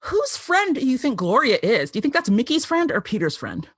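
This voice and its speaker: Casual, giggly woman podcast co-host, animated delivery, dry mic. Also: a little high, slightly rough, no room sound. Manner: giggly, acts out characters' lines in quick bursts. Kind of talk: casual chat recapping a TV episode.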